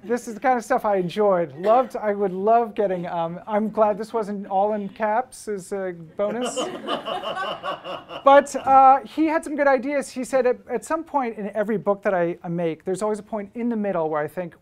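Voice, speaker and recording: At a moderate pace and a high pitch, a man who works as a photographer and book publisher tells stories to a room of students at a school. The lecture is anecdotal and casual, peppered with fillers and restarts.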